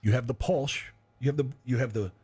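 A man's voice: medium pitch, fast, darkish tone, husky. A man hosting a local call-in radio show, chatting casually and reading back phone numbers. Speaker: radio host.

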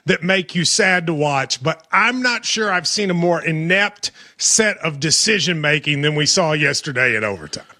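A man's voice: a little high, animated, moderate pace, hardly any pauses, sharp tone. A man with a Kentucky accent hosting a casual sports talk show, joking and rambling as he talks over his co-host.

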